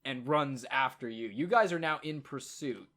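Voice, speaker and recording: A man acting as game master narrates a tabletop game casually and haltingly, with lots of fillers. His mid-range voice is bright, with a forceful tone.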